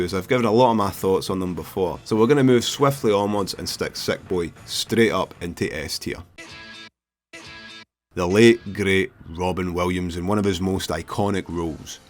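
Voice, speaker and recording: A man's voice: low-pitched, moderate pace, soft background music. A Scottish man hosting a film review, giving blunt, sweary, opinionated scripted commentary.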